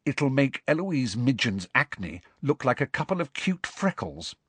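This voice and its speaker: A man voicing a clever, bossy teenage schoolgirl who talks in a brisk, precise way. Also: medium pitch, sing-song, fairly bright tone, breathy edge, no room sound, pitched above the performer's own voice, full character voice. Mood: grim. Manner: brisk and precise, firm and grim when crossed.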